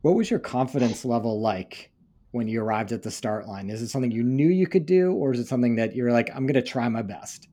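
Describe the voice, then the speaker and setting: Male podcast host, mellow warm tone, curious questions. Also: medium pitch, fast. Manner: curious, asks long questions. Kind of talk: casual interview.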